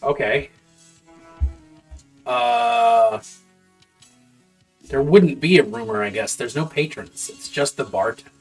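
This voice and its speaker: A man's voice: on the high side, lively intonation, slow pace, creaky, pauses often. A man working as game master, thinking aloud as he preps a campaign on a live stream, muttering half-formed notes to himself and swearing casually. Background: faint background music.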